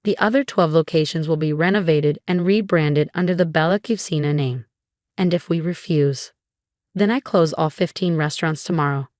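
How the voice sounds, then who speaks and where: A woman narrating a first-person family drama story, reading every character's lines in the same steady storytelling voice. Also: sits low, fairly quick, hardly any pauses, no room sound, studio quality.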